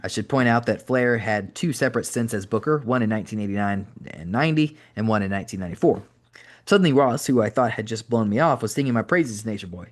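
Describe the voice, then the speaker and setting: A man narrating an audiobook in a brisk, wry first-person reading. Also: lowish voice. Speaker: podcast host reading an audiobook.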